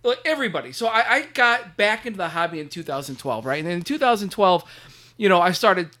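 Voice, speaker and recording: A man talks fast and eagerly in a relaxed conversation. He keeps restarting his sentences and piling on fillers. His tone is bright and forceful. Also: sits high. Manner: excitable, rambling, with many restarts. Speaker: podcast guest, toy collector. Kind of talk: casual chat.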